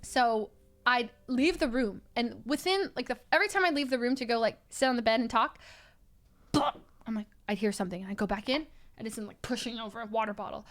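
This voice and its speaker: Bubbly high-voiced woman telling a story. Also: brisk. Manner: animated storytelling, acts out quotes, laughs often. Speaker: storyteller recounting a trip. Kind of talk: casual chat.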